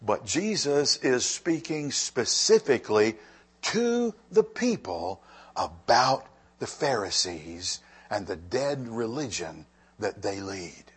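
A man preaching a sermon to a congregation, swinging between quiet stretches and loud, fervent rises. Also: on the low side, big pitch swings, slow pace, husky. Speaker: pastor.

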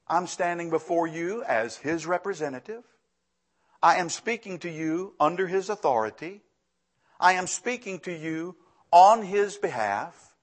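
Male preacher, sermon, higher voice, very animated pitch, emphatic repetition, acts out dialogue. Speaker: pastor.

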